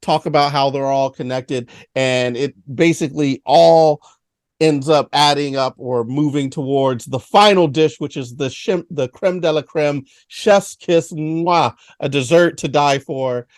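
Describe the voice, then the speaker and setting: A man co-hosting a casual film review, speaking haltingly with many fillers. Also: fairly high pitch, no echo, studio quality. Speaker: podcast co-host.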